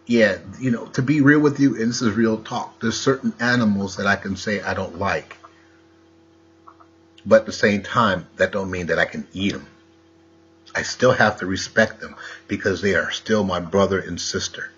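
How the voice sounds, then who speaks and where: A man's voice: fairly low pitch, fairly even intonation, normal speed, a bit bright, dull audio, a little hiss or hum. A man delivering a rambling, preachy monologue full of wordplay and rhetorical questions.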